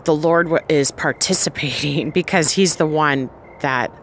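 Slow-talking earnest woman telling her story. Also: low-pitched, slight background noise. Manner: earnest, rambling with restarts. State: pregnant. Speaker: vlogger. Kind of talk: personal faith testimony.

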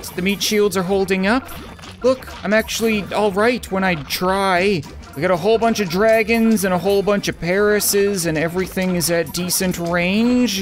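A man hosting a let's play, giving casual, joking, rambling gameplay commentary. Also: high-pitched. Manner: joking, rambling, self-mocking.

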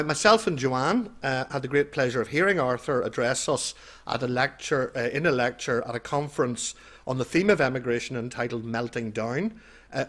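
A man's voice: mid-range voice, fairly bright tone. A man giving a formal, courteous introduction of a lecturer, with some fillers. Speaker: event chair introducing a speaker.

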